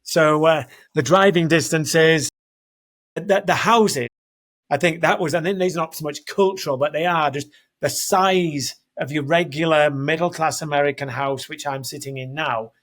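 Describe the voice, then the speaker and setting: Man, Northern English accent, fifties, higher-pitched, rambling and chatty, self-correcting. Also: normal speed, fairly bright tone. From Northern England. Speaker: guest, soccer program leader. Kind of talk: conversational interview. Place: home, house in Denver.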